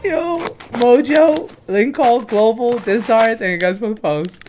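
A woman streaming a game live, swearing freely and breaking into panicked shouts. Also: a little high, measured pace, few pauses, over music. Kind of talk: live gameplay commentary.

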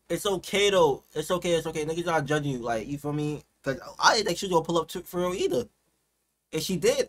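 Slangy, animated young-sounding male reactor. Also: high voice. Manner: animated, swings to loud excited outbursts; slangy, keeps saying "you feel me". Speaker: reaction video host. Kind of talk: casual reaction commentary.

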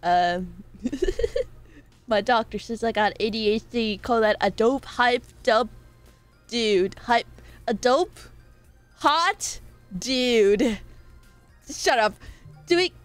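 Young woman, high voice, playful rambling stream chat, reading chat aloud, faint music behind. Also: takes it slowly, pauses often. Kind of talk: casual live-stream chat.

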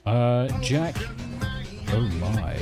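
A man's voice: medium pitch, lively intonation, drawn-out words. A man streaming a game, chatting casually, swearing and teasing while thanking viewers. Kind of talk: casual live-stream chat. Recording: faint music behind.

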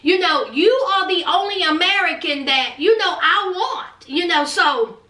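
A woman putting on a high, slow, insistent voice for a young woman defending herself. It rings in a roomy space, away from the mic. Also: animated, bright, forceful tone, far from the mic, exaggerated voice. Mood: defensive.

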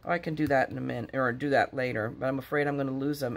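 A woman's voice: very deep voice, fairly even intonation, rapid-fire, few pauses. A woman vlogger chatting casually to her viewers while she unboxes craft supplies. She gushes and rambles, restarts her sentences, and breaks into sudden gasps and squeals of delight.

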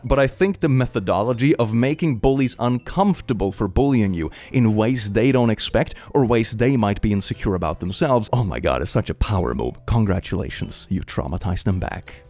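A man's voice: on the low side, brisk, hardly any pauses, soft background music. A young man reading online stories aloud and adding joking, casual commentary. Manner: animated, joking. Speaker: online story reader and commentator.

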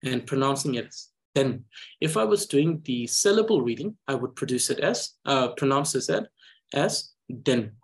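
A man with a Tibetan accent teaching a language reading lesson, talking slowly and carefully with frequent hesitations. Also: medium pitch, lively intonation, creaky, slightly rough. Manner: slow, careful, hesitant with many uhs. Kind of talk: slow reading lesson with explanation.

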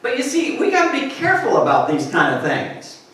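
An older male pastor preaching a sermon, an animated storyteller who laughs and acts out voices. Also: very high-pitched, a little fast. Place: church sanctuary. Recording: echoey church recording from far off.

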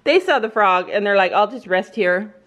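Her voice mid-range and fairly bright, with lively intonation and a moderate pace, a middle-aged mother from Canada vlogs casually from a barn on the family farm she runs a channel about. She laughs frequently and coos at her dogs as she chats to the camera.

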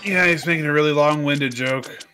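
A man hosting a casual card-game session with friends, excitable and teasing, laughing often. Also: on the high side, moderate pace. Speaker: gaming channel host. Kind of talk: casual gameplay chat with friends.

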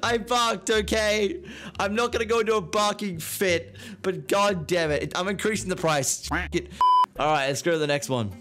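A young man live-streaming, reacting excitably to clips, swearing and talking to his chat. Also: high-pitched, normal speed, background noise.

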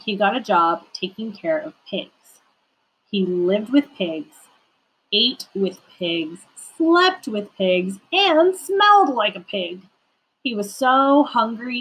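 Young woman, children's read-aloud, expressive, slow, breathy. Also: mid-range voice, poor audio. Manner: warm, expressive storytelling. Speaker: children's ministry reader.

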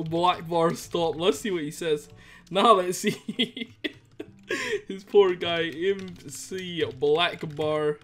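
A male YouTuber giving excitable gameplay commentary, giggling and laughing often. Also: fairly high pitch, slow pace, soft background music.

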